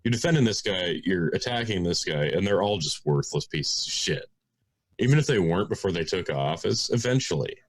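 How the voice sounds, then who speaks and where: Blunt, lively-voiced podcast co-host. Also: male voice, low-pitched, fairly quick. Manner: blunt, profane, opinionated. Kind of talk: casual podcast chat.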